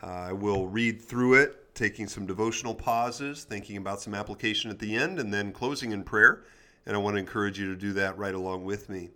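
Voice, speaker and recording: A man hosting a devotional podcast, reading scripture aloud at a steady pace and adding short plain comments. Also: on the low side, fairly quick. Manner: reads scripture aloud with brief comments and prayer. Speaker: podcast host.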